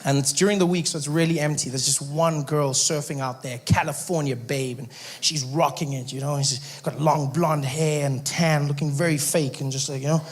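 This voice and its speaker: A man with a South African accent doing stand-up, telling a story in an animated, incredulous way and acting out the people in it. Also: on the high side, moderate pace. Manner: animated, incredulous, acts out the characters. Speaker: stand-up comedian.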